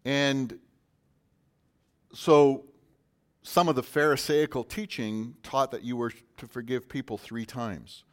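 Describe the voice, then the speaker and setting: A man preaching a sermon in a conversational way, with sudden loud emphasis on key words. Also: medium pitch, fairly even intonation, slow, long pauses. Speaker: pastor.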